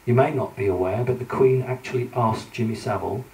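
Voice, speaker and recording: A man's voice: medium pitch, brisk, a little mellow. A man giving a talk with slides to a live audience, speaking conversationally and directly to them, with frequent ums and restarts. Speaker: public speaker lecturing with slides. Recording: roomy hall, voice from a distance.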